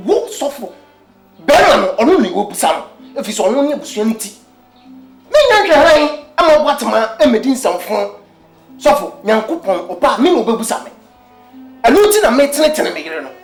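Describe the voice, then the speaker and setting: A woman's voice: sits high, big pitch swings, normal speed. An actor playing an indignant spouse who argues heatedly with a pastor, switching between Twi and English in a film drama. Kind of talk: Ghanaian film drama dialogue. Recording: echoey room with faint music.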